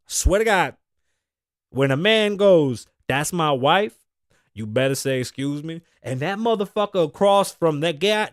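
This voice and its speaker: A man hosting a podcast, talking in casual, profane, animated commentary and acting out quotes. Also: high-pitched, dry recording, clean studio sound. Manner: animated, swearing, joking, acts out quotes. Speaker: podcast host.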